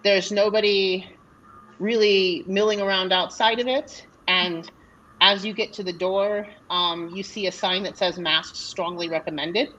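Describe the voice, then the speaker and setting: A woman's voice: medium pitch, steady tone, unhurried, fairly bright tone, highs cut off, slight background noise. Chatty woman running a tabletop game. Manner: chatty, hesitant, many fillers and restarts. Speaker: dungeon master. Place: live convention panel or online session.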